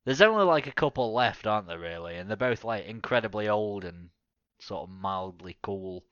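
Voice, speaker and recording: Brief: male co-host, crisp low voice, sweary banter, muffled lo-fi audio. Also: expressive, normal speed, fairly bright tone, no room sound. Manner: swearing, joking, laughs often. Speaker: podcast co-host. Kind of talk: casual sports chat.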